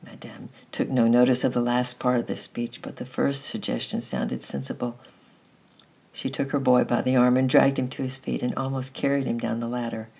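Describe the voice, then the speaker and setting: Husky gravelly voice reading a kids story, steady, trips over a word now and then. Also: medium pitch, moderate pace. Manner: steady, with occasional restarts. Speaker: narrator. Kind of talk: storybook narration.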